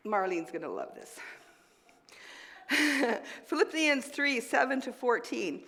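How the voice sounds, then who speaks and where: A woman's voice: fairly high pitch, big pitch swings, slow, pauses often. Woman preaching in a reverberant church. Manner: dramatic swings between loud and hushed. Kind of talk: sermon with personal testimony. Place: church sanctuary.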